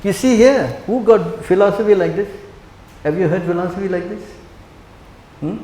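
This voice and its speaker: An older man, a monk, giving an animated sermon that mixes personal stories with rhetorical questions to his listeners. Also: high voice, moderate pace. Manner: animated, acts out quoted speech, fires rhetorical questions. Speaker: monk lecturing on scripture. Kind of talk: sermon with storytelling. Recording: echoey hall with faint background noise.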